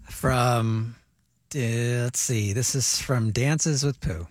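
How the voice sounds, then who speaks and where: A man co-hosting a radio show, reading listener messages aloud in a dry, measured way. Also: mid-range voice, no echo. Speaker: radio co-host.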